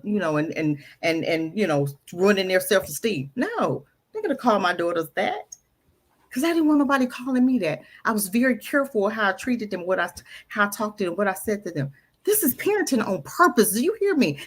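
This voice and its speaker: Husky woman telling a life story. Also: mid-range voice. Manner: emphatic, preachy, repeats phrases for stress. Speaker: guest. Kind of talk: candid personal storytelling. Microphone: audio-only radio show recording.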